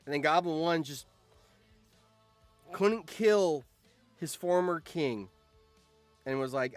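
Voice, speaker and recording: A man's voice: on the high side, animated, slow pace, long pauses, soft background music. Laughing man streaming a game. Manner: laughs often, reads out results, swears. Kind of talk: casual game commentary.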